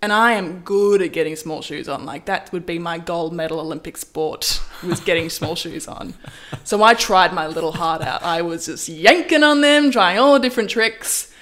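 A woman in casual storytelling, lively, acting out quoted lines with big pitch jumps. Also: normal speed. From Australia. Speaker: model, interview guest.

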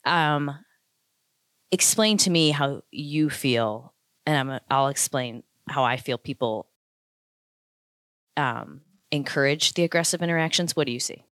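A woman's voice: low voice, a little slow, long pauses, a bit bright, dry recording, clean studio sound. A woman hosting a podcast interview, chatty, asking questions and agreeing eagerly. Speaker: podcast host.

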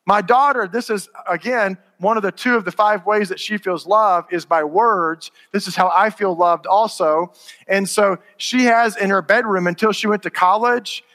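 A man's voice: high-pitched, moderate pace, bright, forceful tone. A middle-aged man giving a conversational conference talk to parents, often checking whether the audience follows. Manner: conversational, asks the audience if it makes sense. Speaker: conference speaker. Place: conference hall. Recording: reverberant hall.

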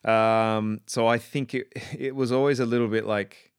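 A man's voice: medium pitch, steady tone, normal speed, clear, resonant tone, no echo, clean studio sound. An Australian man reviewing a show in a rambling, enthusiastic casual monologue full of ums and restarts. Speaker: pop culture commentator.

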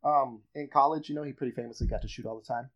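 In dull, lo-fi audio, a man with a mid-range voice talks rapid-fire while hosting a casual sports podcast chat. He's an animated storyteller, building dramatic tension toward each reveal.

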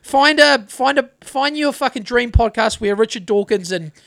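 A man's voice: very high voice, animated, normal speed, creaky, fairly bright tone. Swearing, ranting New man. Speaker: podcast co-host. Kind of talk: casual profane chat.

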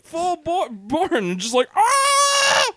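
A man on a podcast panel telling a funny story about himself in an animated way. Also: a little high, moderate pace, smooth, no echo, studio quality. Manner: animated, self-mocking storyteller. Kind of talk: casual storytelling chat.

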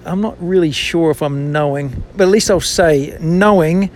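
A man's voice: fairly high pitch, moderate pace, darkish tone, a little hiss or hum. A man, a business owner and former banker, telling a personal faith story in a candid, self-deprecating and reflective way.

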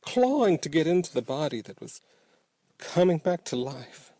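Man telling a dark tale, mellow voice. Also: on the high side, sing-song, moderate pace. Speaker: narrator. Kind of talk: audiobook storytelling.

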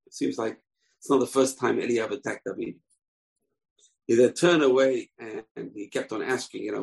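Guy doing a casual bible lesson, gravelly voice, storytelling vibe. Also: mid-range voice, a little fast, rough recording. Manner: conversational storytelling with asides. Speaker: bible teacher. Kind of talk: informal religious lesson.

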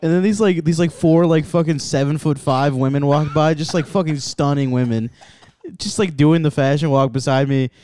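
A man's voice: on the high side, steady tone, moderate pace, mellow, slight background noise. A young man, a comedian, riffing in loose joking banter on a podcast, rambling, swearing and restarting his sentences.

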